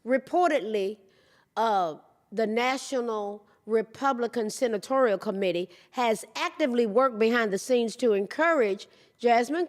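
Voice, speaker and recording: A middle-aged woman hosting a podcast, delivering an emphatic opinion monologue that repeats its points and keeps addressing the listeners as "guys". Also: a little high. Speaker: podcast host.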